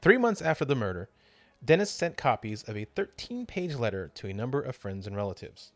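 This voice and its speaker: A man's voice: mid-range voice, sing-song, brisk, no room sound. A man hosting a podcast, narrating a true crime story with drama and casual swearing. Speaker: podcast host.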